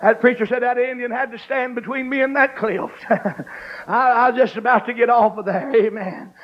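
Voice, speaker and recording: A man preaching and telling a story in a fervent voice that rises into shouts and hallelujahs, on a dull radio recording. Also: very high voice, fairly even intonation, moderate pace. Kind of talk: sermon storytelling.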